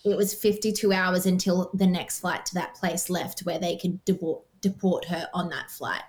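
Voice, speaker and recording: A woman's voice: lowish voice, moderate pace. A young Australian woman telling a personal story in casual chat, full of "like" fillers. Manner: animated, frequent "like" fillers.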